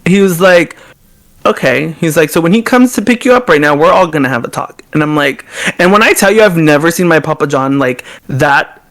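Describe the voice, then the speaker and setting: Young male guest, somewhat high voice, animated storyteller who acts out quoted dialogue. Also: a little fast. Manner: animated, reenacts quoted dialogue with swings in pitch. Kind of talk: emotional storytelling.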